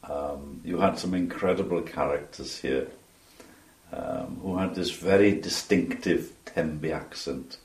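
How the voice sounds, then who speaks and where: A man in his seventies with a Welsh accent, recalling his past in an interview, measured and pausing with frequent ums. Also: very deep voice. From Wales. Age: 70s. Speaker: interview guest. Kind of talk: reminiscing interview answers. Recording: roomy sound from a distance.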